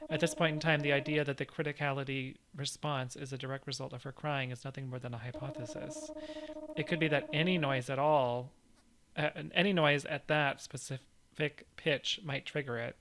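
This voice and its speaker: A man's voice: medium pitch, steady tone, a bit bright, slight background noise, close to an everyday voice. A man voicing a cautious, talkative male sidekick in a game, explaining things with hedges and fillers, with game music behind. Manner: quick, wordy reasoning with hedging fillers. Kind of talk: reading game dialogue aloud.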